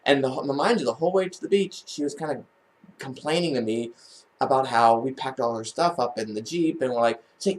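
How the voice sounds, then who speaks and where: Speaking a little fast in a mid-range voice, a man vlogs a personal family story. His telling is casual and rambling, full of restarts and false starts.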